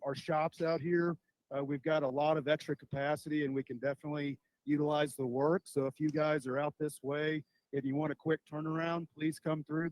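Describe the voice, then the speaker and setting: A man's voice: a little high, darkish tone, no echo, rough recording. A man giving an operations update from a remote terminal, earnest and informal, with frequent fillers.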